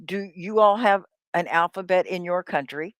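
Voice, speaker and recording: A woman's voice: on the low side, moderate pace, clear, resonant tone, no room sound, clean studio sound. A middle-aged woman teaching a live online English class, upbeat and encouraging as she speaks to viewers in the chat by name. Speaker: ESL teacher.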